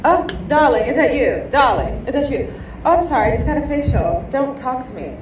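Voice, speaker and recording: A woman's voice: sits high, animated, fairly quick, very echoey, distant mic, noisy background. A woman voicing a snooty, pampered woman who speaks with haughty put-on airs.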